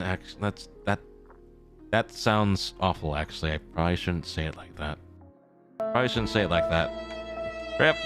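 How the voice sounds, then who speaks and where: A young man chatting casually to his live-stream viewers as a traveling merchant character, rambling and repeating himself as he corrects his words. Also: lowish voice.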